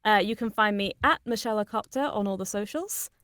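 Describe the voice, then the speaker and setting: A woman's voice: medium pitch, a little fast, fairly bright tone, no room sound. Chatty British woman playing a character. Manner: chatty, laughs often. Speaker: player and voice actor. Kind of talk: in-character play and chat.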